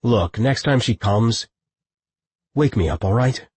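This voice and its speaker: A man's voice: medium pitch, takes it slowly, a little mellow, breathy edge, no room sound. A man voicing a proud, wounded male lieutenant in an audiobook, curt and commanding. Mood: gruff. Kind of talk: audiobook character voice.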